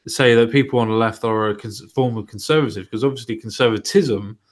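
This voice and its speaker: A man's voice: mid-range voice, a little fast. Guy hosting a chat podcast, just talking things over, mid voice. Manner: conversational, mocking quotes. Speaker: podcast host. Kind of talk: casual political chat.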